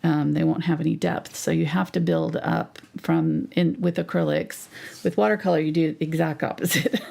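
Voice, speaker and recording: A woman leads a live painting lesson with a gravelly edge and a fairly low, mellow voice. She talks her thoughts through as she paints and slips into hushed, near-whispered asides. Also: fairly even intonation, moderate pace. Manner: thinks aloud while painting, chatty with fillers. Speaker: painting instructor.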